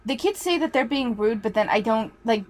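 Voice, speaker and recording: A woman's voice: on the high side, lively intonation, fairly quick, a little hiss or hum. A woman teacher telling a story in a casual, chatty way, swearing freely.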